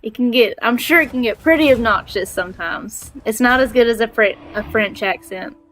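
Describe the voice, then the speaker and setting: A woman's voice: a little high, normal speed, a bit bright. A young woman from Alabama with a Southern accent, chatting in a bubbly, giggly way while she streams a game. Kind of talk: casual gaming livestream chat.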